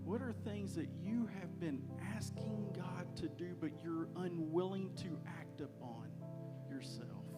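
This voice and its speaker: High-voiced, impassioned male pastor. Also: a little slow, over loud music. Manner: impassioned, repeating phrases for emphasis. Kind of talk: sermon. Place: church sanctuary.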